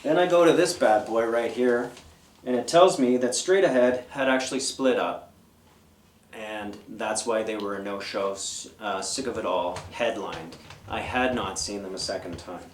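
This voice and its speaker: This fifties-aged man is a guest in an interview, casually rambling through stories and listing bands from the past. The recording is distant and roomy, catching a lowish voice moving at a moderate pace.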